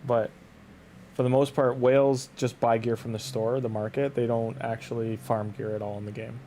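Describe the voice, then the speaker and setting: A man's voice: mid-range voice, little pitch movement, moderate pace, dark tone, slight background noise. Rambling Canadian man streaming. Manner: rambling, leans on "like", frequent restarts. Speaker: game streamer. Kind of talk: casual live-stream chat.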